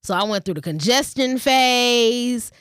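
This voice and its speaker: Vlogger, female, slightly high pitch, dry close sound; blunt, profane storyteller. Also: lively intonation, a little slow, fairly bright tone, clear, resonant tone, dry recording. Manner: reads a passage aloud, then switches to casual chat. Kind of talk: casual storytelling vlog.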